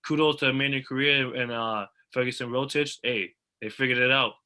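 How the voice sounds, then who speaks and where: A young man with a very bright, forward voice talks as a guest over a video call. He is animated and eager as he breaks down races, with the energy of a casual chat. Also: medium pitch, a little fast, clean tone. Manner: animated, eager sports talk. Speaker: guest athlete.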